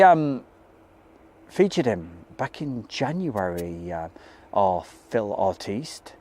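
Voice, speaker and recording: A livestream host speaks in a medium-pitched voice over slight background noise. He's outside by an airport, chatting easily and calling out viewer names to welcome them warmly.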